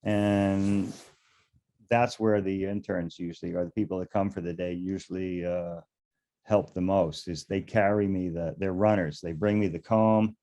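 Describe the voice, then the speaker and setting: A man's voice: low-pitched, steady tone, a little slow, dark tone. An older man, a beekeeper and interview guest, telling stories casually in a rambling way, chuckling now and then and often restarting his sentences. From United States.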